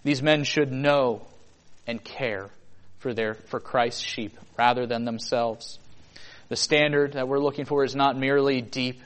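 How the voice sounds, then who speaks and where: A man's voice: mid-range voice, fairly even intonation, a little slow. A man preaching a sermon, earnest and full of rhetorical questions, building to emphatic peaks.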